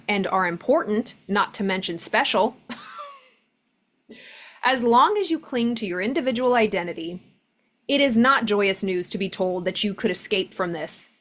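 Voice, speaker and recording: A woman's voice: mid-range voice, expressive, a little slow, a bit bright. A woman giving a casual spiritual lesson, talking loosely with lots of fillers and reading passages aloud. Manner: conversational, many "like" fillers, reads passages aloud. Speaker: spiritual teacher.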